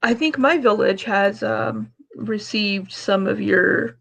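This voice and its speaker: Woman, tabletop player, polite, stumbling, unhurried, gravelly. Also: medium pitch, a bit bright. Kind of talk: in-character tabletop play.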